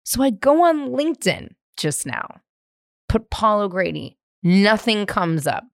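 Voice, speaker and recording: A San Francisco woman in her thirties, speaking a little slowly in a creaky medium-pitched voice, shares a teenage memory on her solo podcast, recorded in her home living room. Her delivery is profane, animated, and rambling, full of "like." The recording is dry with clean studio sound.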